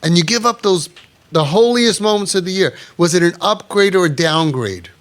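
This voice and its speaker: A middle-aged man teaching a sermon, telling stories animatedly and acting out bits of dialogue before dropping to a quiet murmur. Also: moderate pace. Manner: animated, acts out dialogue with sudden drops to a low murmur. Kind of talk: storytelling sermon.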